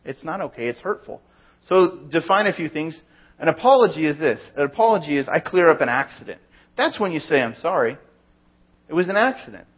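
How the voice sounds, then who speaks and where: A man's voice: a little high, animated, a little fast, husky, lo-fi sound. A man preaching a conversational sermon, working through plain everyday examples. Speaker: pastor.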